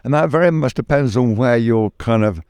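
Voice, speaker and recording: A man's voice: mid-range voice, brisk, darkish tone, clear, resonant tone, no room sound. A man from the United Kingdom speaks in an everyday mid-range voice, weighing his words and often circling back with restarts and fillers. His voice is recorded close and dry, with no room sound. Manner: thoughtful, hesitant with many restarts and fillers. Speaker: guest. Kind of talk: conversational interview.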